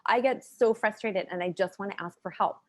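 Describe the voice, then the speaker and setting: A woman's voice: medium pitch, brisk. A woman guest educator in a video-call interview, speaking earnestly and giving advice about raising girls. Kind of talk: conversational interview.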